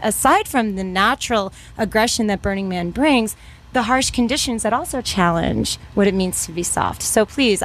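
A woman from New Mexico moderating a panel, talking in an earnest, animated storytelling way. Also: mid-range voice, slight background noise. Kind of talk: casual panel talk.

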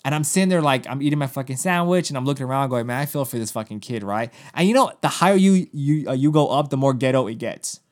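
A man's voice: medium pitch, quick pace, hardly any pauses. A man in his thirties, a podcast co-host, telling a story in casual chat, swearing often and acting out other people's lines. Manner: animated, profane, acts out other people's lines.

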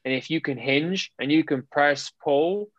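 A man's voice: a little high, a little slow, no echo, dull audio. A man, a personal trainer, chatting casually as a podcast co-host, rambling and restarting his sentences. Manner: rambling, restarts often, conversational.

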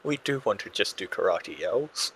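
A man's voice: fairly low pitch, expressive, moderate pace, fairly bright tone, slightly rough, dry recording. A man co-hosting a podcast in playful, sweary, laughing chat. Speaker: podcast co-host. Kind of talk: casual chat.

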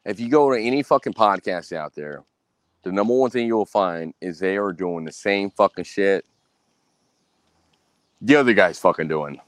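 A man's voice: expressive, moderate pace, pauses often, dry recording, clean studio sound. Cursing, boastful man on a podcast. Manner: angry, boastful, heavy cursing, repeats himself; mimics others in a high voice. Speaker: podcast host. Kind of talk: profane solo podcast rant.

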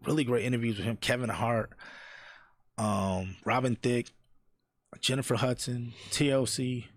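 Gravelly-voiced man telling stories. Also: medium pitch, a little slow, no echo, clean studio sound. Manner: storytelling, animated, imitates people he quotes. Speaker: interviewer and guest. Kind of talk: casual podcast chat.

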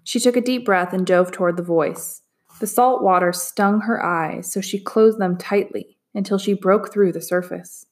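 Female narrator for a children's chapter book, measured and expressive. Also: mid-range voice. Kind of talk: storybook read-aloud narration.

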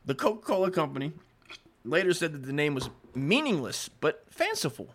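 A man's voice: a little high, sing-song, brisk. A man hosting a podcast, reading history aloud and breaking off into rambling, profane asides, and he often stumbles over the written words. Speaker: podcast host.

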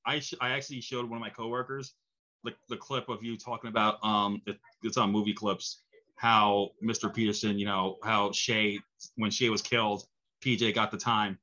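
A lower-voiced man with a New York accent hosts the interview, his tone bright and forceful. He rambles eagerly and restarts his sentences often, and the audio sounds dull and lo-fi. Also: level tone, normal speed. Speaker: interview host. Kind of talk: casual interview chat.

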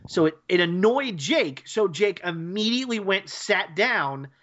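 A man co-hosting a podcast, explaining his points at length with quick asides. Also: sits high, lively intonation, fairly bright tone. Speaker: podcast co-host. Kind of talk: casual podcast chat. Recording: dull podcast audio.

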